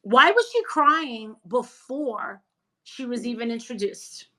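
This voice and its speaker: A woman guest in a casual chat, talking in an animated, emphatic, gossipy way. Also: on the high side, slow, poor audio. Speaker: interview guest.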